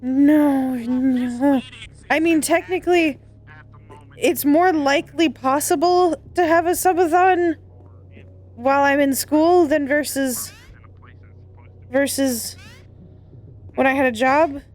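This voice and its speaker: A woman's voice: sits high, fairly even intonation, slow pace, pauses often, a little mellow. A woman streamer in casual game-stream chat, talking in a dramatic, playfully panicked way.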